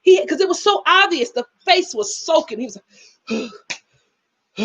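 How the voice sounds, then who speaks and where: A woman's voice: sits high, very animated, unhurried, vocal fry, fairly bright tone. A woman doing a live review of a reality TV episode, telling it dramatically and breaking into laughter.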